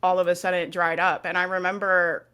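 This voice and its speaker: A woman's voice: lowish voice, flat delivery, brisk, fairly bright tone, clear, resonant tone. A young woman entrepreneur speaking as a guest in a casual podcast interview, emphatic and candid, with casual swearing and many fillers.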